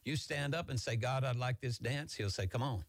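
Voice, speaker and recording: A man preaching a Bible-teaching sermon as a pastor, talking fast and excitedly in a folksy, homespun way. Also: mid-range voice, no room sound.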